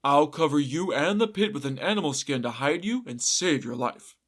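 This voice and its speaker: A man's voice: fairly high pitch, animated, moderate pace, a bit bright. Man doing a sly, mock-solemn peasant husband. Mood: grave. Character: scheming, wily peasant husband feigning gravity.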